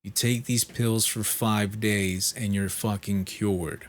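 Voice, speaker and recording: A man's voice: lowish voice, fairly even intonation, slow. Feverish, exasperated New man. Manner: profane, exasperated, mimics the people he spoke to. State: sick with fever, clears throat and coughs. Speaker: vlogger. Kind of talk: casual storytelling rant.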